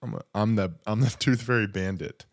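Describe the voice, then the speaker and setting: A man's voice: lowish voice, brisk. A young man co-hosting a podcast in casual chat, goofy and laughing often, slipping into silly voices. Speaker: podcast co-host.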